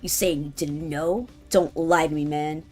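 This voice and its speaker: A woman voicing a hot-headed young man who speaks in a gruff, lowered, confrontational voice. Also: steady tone, measured pace, dark tone, soft background music. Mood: accusing.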